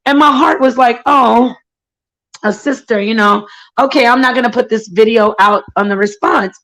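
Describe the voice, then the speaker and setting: A woman with a fairly high voice rants casually and indignantly to her stream. She tells her story in a run of quick asides and now and then mocks other people with sugary impressions. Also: a bit bright, rough recording. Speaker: channel host. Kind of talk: casual livestream rant.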